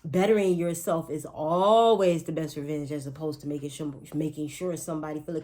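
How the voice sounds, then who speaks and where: A woman's voice: deep voice, brisk, hardly any pauses, mellow. A woman talking casually to viewers in a spiritual pep talk, chatty and emphatic, with playful asides and speech. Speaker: astrology and spiritual reader.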